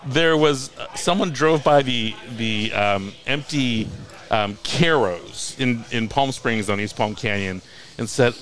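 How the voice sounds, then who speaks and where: A man's voice: medium pitch, unhurried, fairly bright tone. A man who is a guest author, telling wry, mocking stories in casual podcast chat and laughing often. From Coachella Valley, California.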